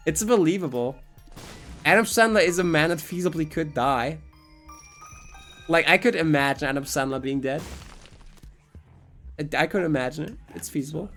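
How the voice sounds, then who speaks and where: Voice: mid-range voice, fairly quick, a bit bright, soft background music. A Twitch streamer giving casual live gameplay commentary, rambling and joking with plenty of swearing.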